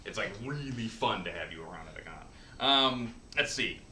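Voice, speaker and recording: Lively bright-voiced male host. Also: sits low, moderate pace, far from the mic, a little hiss or hum. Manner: enthusiastic, lively, fond of jokes. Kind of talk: casual interview chat. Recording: echoey room, voice from off-mic.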